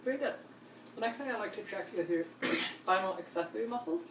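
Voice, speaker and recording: Calm woman walking a patient through an exam. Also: medium pitch, quick pace. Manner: calm, step-by-step instructions with frequent reassurance. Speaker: nurse examiner. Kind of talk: clinical demonstration. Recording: roomy, distant mic, faint hiss.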